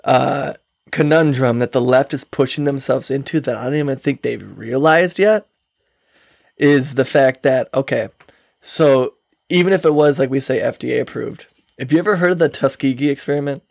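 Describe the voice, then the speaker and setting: A podcast co-host with a gravelly, medium-pitched voice rambles through casual conversation at a moderate pace, swearing often and laughing frequently. The recording is clean studio audio with no room sound.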